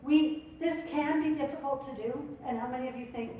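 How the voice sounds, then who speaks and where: A middle-aged woman presenting a family skills workshop, talking in a lively, conversational way to a live audience and acting out the quotes. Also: high voice, moderate pace, highs cut off, a little hiss or hum. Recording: echoey room, mic far off.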